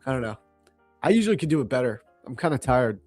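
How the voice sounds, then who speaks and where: A man's voice: mid-range voice, sing-song, quick pace, a little mellow, no room sound, soft background music. A young man from New York hosting a casual livestream, laid-back and slangy, joking and reading chat aloud. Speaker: livestream trading host.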